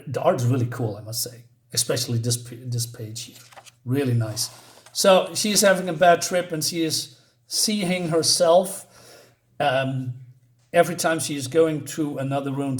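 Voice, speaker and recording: A man recapping a horror comic in a hesitant way, with many pauses and fillers. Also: mid-range voice. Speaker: comic reviewer.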